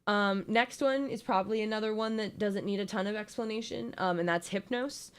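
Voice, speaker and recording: A woman's voice: mid-range voice, brisk, smooth. A young woman giving a casual, joking slideshow presentation, playful and giggly with lots of ums.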